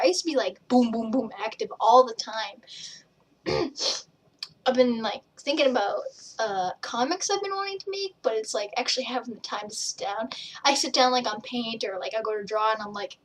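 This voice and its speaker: A young woman chatting casually to camera, rambling from one tangent to the next and acting out what people said. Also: fairly high pitch. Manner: rambling, jumps between tangents, acts out quotes. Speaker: vlogger and page admin. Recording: voice a bit distant from the mic.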